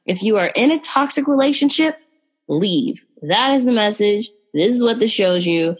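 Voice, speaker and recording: Her mid-range voice is husky and expressive, moving at a normal speed. She's a woman hosting a film-review podcast, chatting casually and animatedly, full of fillers and remarks directed at the audience.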